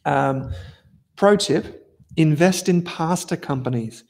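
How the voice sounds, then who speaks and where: An Australian investment analyst hosts a casual investing livestream, reading viewer comments and chatting loosely, rambling and correcting himself with informal slang. His voice is on the high side, creaky and a little mellow, and he speaks slowly.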